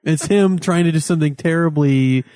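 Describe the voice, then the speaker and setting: A man co-hosting a podcast, dropping dry, understated remarks into casual chat. His tone is mellow and dark, recorded close and dry. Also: fairly high pitch, normal speed, no echo. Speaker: podcast co-host.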